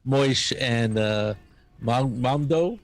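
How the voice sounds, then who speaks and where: A man narrating a tabletop game as game master, pausing often with fillers and restarts. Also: medium pitch, a loud crowd. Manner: halting, many fillers and restarts.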